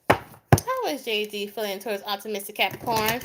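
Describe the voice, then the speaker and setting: A woman's voice: mid-range voice, sing-song, normal speed, heavy background noise. A young adult woman doing a live tarot reading, chatting with viewers by name in a goofy, easygoing way and laughing often. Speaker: tarot reader.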